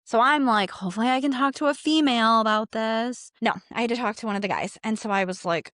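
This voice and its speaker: A woman's voice: on the high side, quick pace, hardly any pauses, a bit bright, no echo, clean studio sound. A young woman co-hosting a podcast, chatty and candid, telling a personal story with many "like" fillers and acted-out bits of past dialogue. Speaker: podcast co-host.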